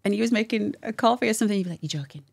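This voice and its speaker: A woman telling a personal story as a guest in a candid conversation, animated and acting out what people said, with frequent laughs. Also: fairly high pitch, rapid-fire, gravelly. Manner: animated, acts out quotes, laughs often.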